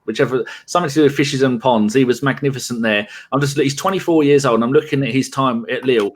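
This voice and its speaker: A man's voice: medium pitch, fast. Jokey rambling male panelist. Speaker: podcast guest panelist. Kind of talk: casual live podcast chat.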